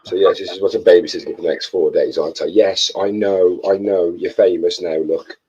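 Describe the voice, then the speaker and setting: A man co-hosting a hobby livestream in casual chat, laughing often and talking softly to a dog. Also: sits low, steady tone, a little fast, husky. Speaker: co-host of a modelling livestream. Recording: dull lo-fi stream audio.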